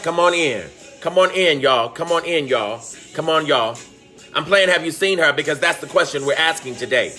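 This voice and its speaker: A man's voice: a little high, lively intonation, normal speed, bright, forceful tone, soft background music. A man teaching on a live stream, greeting viewers by name and calling out with fervent emotion. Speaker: teacher hosting a live online talk. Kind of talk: impassioned livestream teaching.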